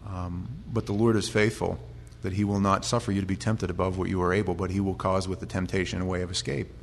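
An American man preaching a conversational Bible sermon, chatty with restarts, sometimes building to loud, impassioned storytelling. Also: sits low, flat delivery, quick pace, slight background noise. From United States. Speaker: pastor.

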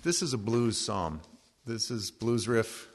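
A man preaching a relaxed sermon as pastor, cracking jokes between slow readings of scripture. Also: on the low side. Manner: conversational and joking, reading scripture slowly.

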